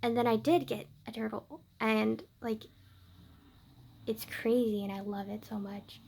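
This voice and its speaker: Teen girl vlogger, a touch high-pitched, rambling and animated storytelling, filler-heavy. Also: measured pace, vocal fry, slightly rough. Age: late teens. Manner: chatty, heavy use of "like", swings between loud outbursts and quiet asides. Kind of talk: casual chat, storytelling.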